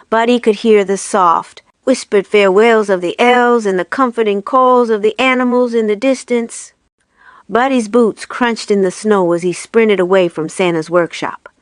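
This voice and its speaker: A woman reads a storybook aloud in a steady, expressive voice. Her tone is smooth and resonant, recorded dry and close with no room sound. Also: medium pitch, dry recording. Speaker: narrator. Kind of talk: storybook reading.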